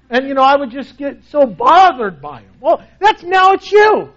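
A man preaching a sermon in a conversational way, often dropping to a soft, low voice for emphasis. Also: sing-song, normal speed, lo-fi sound. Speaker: pastor.

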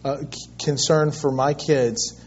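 A middle-aged man preaching a sermon as pastor, animated and swinging from loud to soft as he tells a story. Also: fairly high pitch, slow pace, slight background noise. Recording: dull lo-fi sermon recording.

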